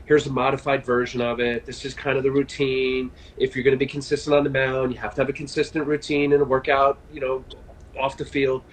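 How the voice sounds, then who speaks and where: A man's voice: medium pitch, low-quality recording. Chatty storytelling man in his fifties. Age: 50s. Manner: chatty storyteller, animated, frequent fillers and restarts. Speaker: guest, former baseball pitcher. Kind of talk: casual conversational interview.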